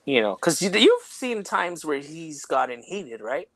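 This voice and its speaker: A man's voice: a little high, big pitch swings, measured pace, a bit bright, no room sound. Rambling man, dry close mic. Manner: rambling, heavy on "like" and "you know". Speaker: podcast co-host. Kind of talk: casual chat.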